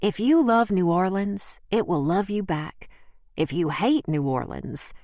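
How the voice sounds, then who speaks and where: A woman's voice: lowish voice, expressive, a little slow, a little mellow, no echo, studio quality. A woman voicing a chatty young female bartender from the South who speaks bluntly, reading an audiobook. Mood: frank. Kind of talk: audiobook character voice.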